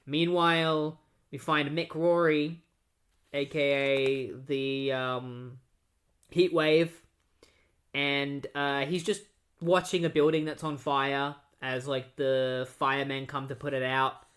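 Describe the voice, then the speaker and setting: A man's voice: medium pitch, level tone, slow, a bit bright. A man casually recapping comic book issues, rambling with lots of filler words. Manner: rambling, full of "like" and "you know". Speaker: comic book podcast host.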